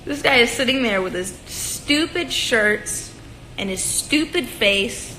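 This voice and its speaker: A woman's voice: a little high, animated, takes it slowly, pushed and bright, slight background noise. A woman in her twenties ranting casually and profanely on a livestream from her room at home, with sarcastic sung asides. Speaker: livestream host. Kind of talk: casual rant on a phone livestream. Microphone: phone at arm's length. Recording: echoey room on a phone stream.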